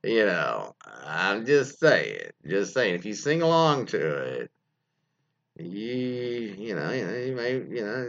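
Rambling man with lively pitch. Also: unhurried, gravelly, dull audio. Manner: rambling, laughing, many fillers and restarts. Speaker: host reading listener stories. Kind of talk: casual comedic commentary.

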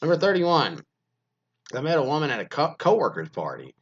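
A man's voice: fairly high pitch, wildly swooping pitch, a little fast, husky, muffled recording. A man hosting a podcast, reading anonymous stories and riffing on them with crude, rambling jokes. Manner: crude, joking, rambling, laughs often. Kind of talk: casual comic commentary.

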